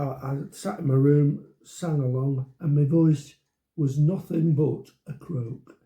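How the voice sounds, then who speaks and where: A man's voice: mid-range voice, warm tone. A man in his seventies chatting casually at home, joking and bantering playfully. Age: 70s. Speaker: vlog co-host. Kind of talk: casual chat. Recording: echoey room.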